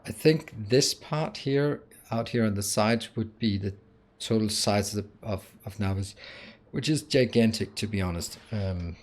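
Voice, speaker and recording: A man's voice: mid-range voice, a little mellow. A man giving casual gameplay commentary, thinking aloud with fillers and restarts as he walks through changes. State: has the hiccups. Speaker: gaming YouTuber.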